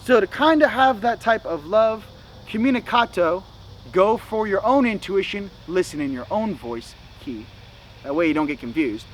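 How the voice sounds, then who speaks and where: A man's voice: high-pitched, lively intonation, normal speed, a little hiss or hum, low-quality recording. A young man hosting a spiritual vlog, talking in a loose, slangy way with many "you know"s and "okay"s. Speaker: spiritual channel host. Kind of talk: casual spiritual vlog talk.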